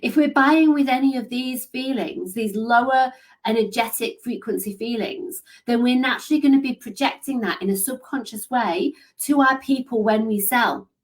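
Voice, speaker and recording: A woman's voice: fairly high pitch, normal speed. A woman leading a live coaching session, upbeat and encouraging, reading out comments. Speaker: business coach.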